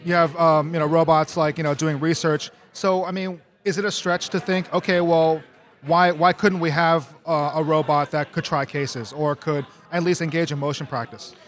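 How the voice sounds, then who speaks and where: A man's voice: a little high, fairly even intonation, normal speed. A man, a legal journalist, asking rambling interview questions with many fillers.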